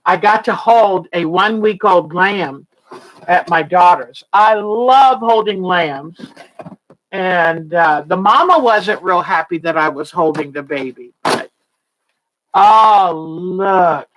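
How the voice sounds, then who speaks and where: Woman host, unhurried, gushy and chatty, lots of delighted "oh"s while unboxing on stream. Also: fairly low pitch, fairly bright tone, low-quality recording. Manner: gushing, exclaims "oh" often, chatty. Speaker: quilting livestream host. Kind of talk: casual livestream unboxing chat.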